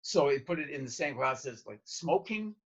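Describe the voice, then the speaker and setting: A man from Canada, a guest in an interview conversation, speaking in a halting way with many restarts as he cites studies. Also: on the high side, lively intonation, husky. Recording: slightly muffled lo-fi audio.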